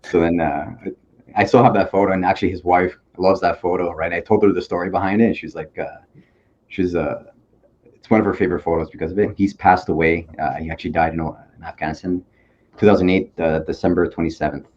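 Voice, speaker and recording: Guest spot: man from Toronto with a very low voice, earnest and halting, dull lo-fi audio with faint hiss. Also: steady tone, a little mellow. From Toronto, Canada. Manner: earnest, reflective, halting with fillers. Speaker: podcast guest, police officer and army veteran. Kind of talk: candid conversational interview.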